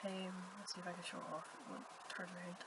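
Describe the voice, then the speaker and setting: A woman's voice: on the low side, monotone, fast talker, a crowd in the background, poor audio. A woman with a Scottish accent hosting a podcast, chatting casually and telling rambling stories. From Scotland. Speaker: podcast host. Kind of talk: casual chat.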